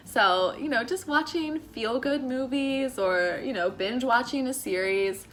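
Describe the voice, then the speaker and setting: A woman's voice: a little high, lively intonation, measured pace, few pauses, a bit bright. A young American woman from Maryland, vlogging in a chatty, earnest, encouraging way with lots of fillers. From United States (Maryland). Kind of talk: casual faith-and-lifestyle vlog talk.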